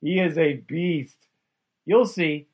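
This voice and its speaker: A man's voice: a little high, slow pace, slightly rough, dull audio. A man hosting a call-in radio show, upbeat and friendly, calling callers bro and man.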